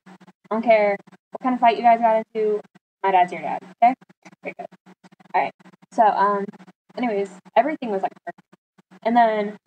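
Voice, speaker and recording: A woman's voice: medium pitch, a little mellow, a little hiss or hum, poor audio. A teenage girl vlogger chatting casually, telling a long story and animatedly acting out what friends said. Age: teens.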